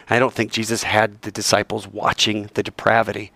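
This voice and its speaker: A man's voice: on the low side, brisk, vocal fry, hardly any pauses, dry recording. A man preaching a sermon, telling the story with energy and acting out the voices of the people in it. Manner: animated storytelling, acts out voices, swings from loud to soft.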